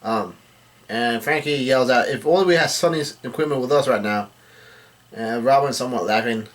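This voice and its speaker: Man casually recapping a comic chapter. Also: mid-range voice. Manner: relays characters' lines in a plain reading voice; halting, self-correcting delivery. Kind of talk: casual chapter read-through.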